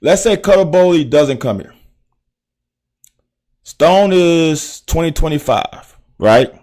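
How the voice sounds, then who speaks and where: A man's voice: fairly high pitch, expressive, takes it slowly, darkish tone. A middle-aged man with a Southern American accent, a former player who hosts and breaks down game film in a casual, profane chat with his viewers. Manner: blunt, profane, talks straight to chat viewers. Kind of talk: casual live-stream commentary.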